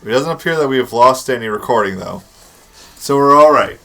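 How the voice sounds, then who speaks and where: A man's voice: mid-range voice, animated, a little fast, pushed and bright. A young man narrates a dating game for a let's play, reading the text aloud with playful, dry asides. His voice sits in an ordinary middle register.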